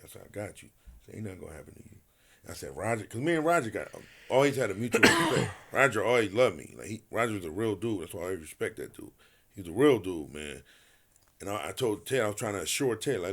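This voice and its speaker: Gravelly animated male storyteller. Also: mid-range voice, brisk. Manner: animated storyteller acting out quotes, profane, laughing. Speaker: podcast guest, retired boxer. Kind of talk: casual storytelling interview.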